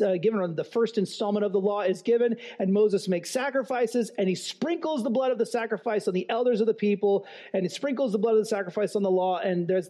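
A man's voice: high-pitched, dark tone. A man preaching a sermon in an earnest, emphatic way, posing rhetorical questions and repeating key phrases. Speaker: pastor.

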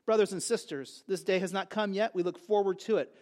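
A man delivers a sermon in an unusually high voice. He builds to emphatic repeated phrases and then drops into conversational asides to his listeners. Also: fairly quick. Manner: preaching with rising, emphatic repetitions; lively, conversational asides to the congregation. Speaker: pastor.

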